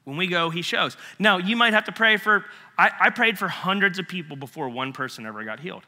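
Male preacher, bright and slightly high voice, storytelling sermon, hall reverb. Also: expressive, brisk. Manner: storytelling, acts out both sides of a dialogue.

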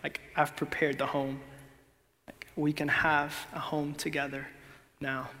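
A young man preaching a sermon in a laid-back, conversational way, sometimes dropping to a hush for emphasis. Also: on the high side, monotone, unhurried, slight background noise. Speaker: pastor. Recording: long hall reverb.

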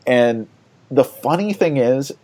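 A man's voice: medium pitch, animated, slow, a little mellow. A man hosting a board game podcast, chatting casually and rambling with many fillers and laughs.

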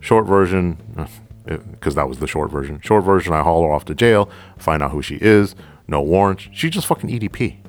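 A man hosting a podcast, a police officer telling a story from the job in a profane, animated way, acting out both sides of the dialogue. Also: low voice, a little fast, faint music behind. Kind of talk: storytelling monologue.

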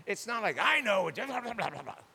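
A lively, high-pitched man preaching on marriage, his voice leaping up and down as he acts out quarrels between husbands and wives. He speaks in a large hall that rings with a long reverb. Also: brisk, gravelly, breathy edge. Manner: animated, acts out quoted spouses. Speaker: pastor. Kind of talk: sermon on marriage communication.

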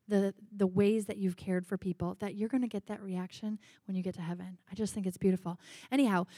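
A woman's voice: medium pitch, a little mellow, dry recording, clean studio sound. A woman sharing personal stories in church, in a chatty way with many fillers. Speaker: pastor's wife sharing stories. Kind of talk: personal testimony.

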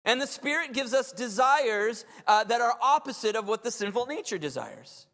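High-voiced man preaching in a reverberant hall. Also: a bit bright. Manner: emphatic, conversational preaching with asides. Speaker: pastor. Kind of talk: sermon. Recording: long reverb of a large hall.

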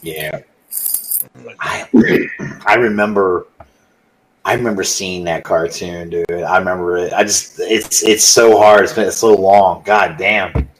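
A middle-aged man with a low voice swears freely in casual chat. He halts and restarts as he searches for his words. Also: fairly even intonation, slight background noise, low-quality recording. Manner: profane, halting, searches for words.

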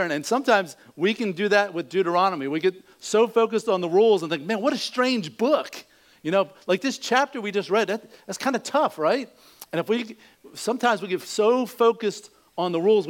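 A man preaching a sermon, telling a joke in a folksy storytelling way before teaching from scripture. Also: high-pitched. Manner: folksy storytelling, acts out voices in jokes. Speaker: pastor.

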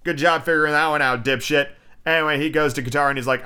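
Bright-voiced man rambling with profanity. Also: fairly high pitch, fairly even intonation, quick pace, a little hiss or hum. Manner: profane, filler-heavy, frequent "like". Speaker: show reviewer. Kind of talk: casual rambling commentary.

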